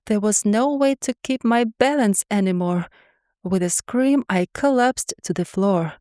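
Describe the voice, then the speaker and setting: A woman's voice: mid-range voice, warm tone, no room sound, clean studio sound. Wry woman narrating a fantasy story. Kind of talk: scripted first-person story narration.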